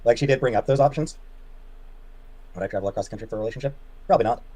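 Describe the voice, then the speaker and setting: A man chatting as a livestream guest, answering viewer comments in a halting way with many fillers and trailing off quietly. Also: medium pitch. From Canada. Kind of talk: casual chat reading viewer comments.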